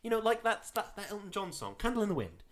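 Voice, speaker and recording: A man co-hosting a podcast, chatting casually in a playful, animated way. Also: high voice, quick pace. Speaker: podcast co-host. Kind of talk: casual chat.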